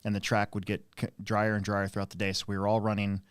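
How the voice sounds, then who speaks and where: Low-voiced man telling rambling stories. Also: monotone, fast talker, clean tone, dry recording. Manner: rambling anecdotal storyteller, many fillers. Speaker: host and RC track operator. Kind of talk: casual live-stream chat.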